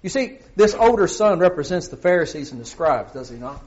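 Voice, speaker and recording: A man's voice: a little high, sing-song, brisk, darkish tone, highs cut off. A middle-aged man preaching a sermon, often asking his congregation questions.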